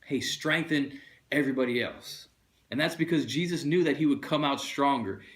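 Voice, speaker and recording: A man, a pastor, giving a funny sermon and acting out the people in his story in casual slang. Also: medium pitch. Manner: animated storyteller, acting out other people's voices. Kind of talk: funny sermon with acted bits.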